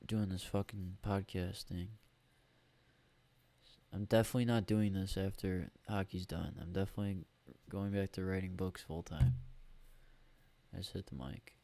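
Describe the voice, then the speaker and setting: A man's voice: low voice, fairly even intonation, normal speed, long pauses, dark tone. A man hosting a solo podcast on a USB microphone, rambling and grumbling with lots of swearing. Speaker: podcast host.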